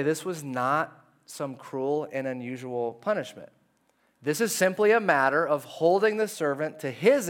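A man preaching a sermon in a conversational way, reading verses and acting out the characters' lines in lively voices. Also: fairly high pitch. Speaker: pastor.

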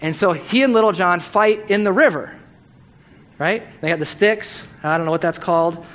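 A middle-aged man giving a sermon, telling a story in a casual, animated way and acting out the quotes. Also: high voice, moderate pace.

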